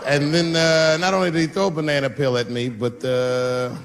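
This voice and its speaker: A man doing conversational stand-up on stage, relaxed and wry. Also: a little high, moderate pace. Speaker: stand-up comedian. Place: comedy stage before a large audience. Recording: loud crowd and noise on a live recording.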